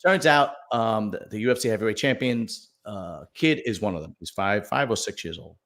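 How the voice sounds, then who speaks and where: A man's voice: fairly low pitch, lively intonation, normal speed, fairly bright tone. A male podcast host chatting casually about news stories, rambling with lots of fillers and restarts and telling jokes for donors. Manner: tells jokes read out for viewer donations.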